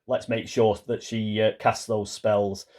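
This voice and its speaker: A man's voice: on the low side, flat delivery, a little slow, darkish tone. A man talking casually through a solo board game, reading card text aloud and sometimes stumbling over the small print. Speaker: board game player and channel host.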